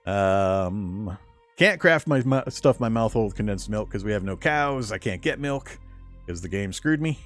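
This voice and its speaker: A man's voice: on the low side, lively intonation, normal speed, faint music behind. A man giving casual, rambling commentary on his survival game run, often chuckling and correcting himself mid-sentence. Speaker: game streamer.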